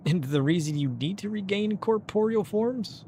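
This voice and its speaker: A man's voice: sits high, animated, normal speed, warm tone, slight background noise. A man streaming a game, joking and amused as he comments on it. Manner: joking, amused, mock-puzzled. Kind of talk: playful live game commentary.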